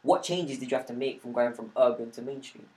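A male podcast host asks questions in a relaxed chat with a guest, and his words come quickly. He often breaks in with short agreement and keeps the conversation moving. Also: mid-range voice, low-quality recording. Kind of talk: casual interview questions.

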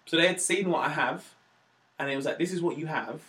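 A man's voice: on the high side, a little fast. A male stand-up comedian, talking casually in a podcast interview and acting out the voices of people in his stories. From Wales. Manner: animated storyteller, acts out quoted voices.

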